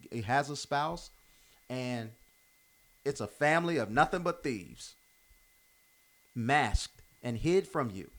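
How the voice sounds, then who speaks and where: A man giving an unscripted motivational monologue, emphatic and informal, often repeating himself and restarting phrases. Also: a little high. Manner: informal, drops verbs. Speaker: commentator giving life advice.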